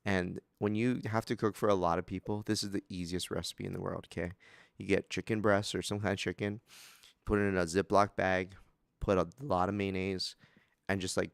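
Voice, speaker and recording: A man from Hawaii, co-hosting a casual chat in a relaxed, joking way. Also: sits low, gravelly, clean tone, dry recording. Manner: laid-back, says dude a lot, laughs easily. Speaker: podcast co-host.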